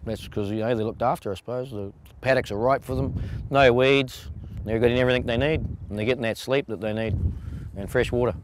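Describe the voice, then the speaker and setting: A man's voice: mid-range voice, fairly quick, slight background noise. A man, a dairy farmer chatting casually and fondly about his cows in an interview. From New Zealand. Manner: rambling, folksy, talks fondly of his cows.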